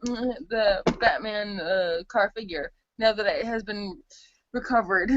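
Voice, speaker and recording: A woman co-hosts a casual gaming podcast in a slow, medium-pitched voice with no room sound, captured on a dull lo-fi home recording. She giggles often, swears freely, and tends to trail off and start over.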